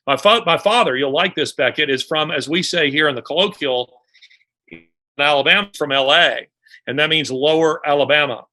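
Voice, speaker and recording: A man's voice: a little high, moderate pace, bright, forceful tone. A man speaking as a guest in an interview, talking unhurriedly with many restarts and fillers. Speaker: guest author. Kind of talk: conversational interview.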